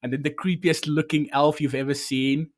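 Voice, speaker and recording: A man's voice: fairly high pitch, flat delivery, moderate pace. A man hosting a podcast, talking in a rambling, sarcastic, profane way while reviewing a show. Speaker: podcast host. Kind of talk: casual review chat.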